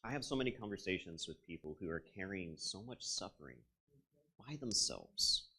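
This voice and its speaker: A man's voice: low-pitched, big pitch swings, moderate pace, vocal fry, sharp tone, slightly rough. A man preaching a conversational sermon as a pastor, retelling a story in a reflective way and turning to his listeners with asides.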